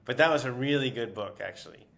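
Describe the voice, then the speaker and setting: A man's voice: mid-range voice, expressive, fast, vocal fry, a bit bright. Rambling man telling stories. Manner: rambling, many fillers and restarts, laughs while telling stories. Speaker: interviewed author. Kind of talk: casual storytelling interview.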